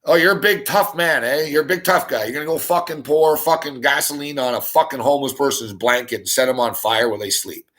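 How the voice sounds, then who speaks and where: A man hosting a sports talk show, ranting heatedly in a profane monologue full of rapid rhetorical questions. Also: medium pitch, a bit bright.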